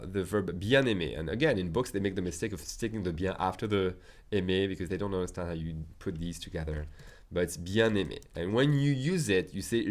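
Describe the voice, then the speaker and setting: A man teaching in a casual video lesson, repeating example sentences and checking in with "okay?" and "d'accord?" as he goes. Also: lowish voice. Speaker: French teacher.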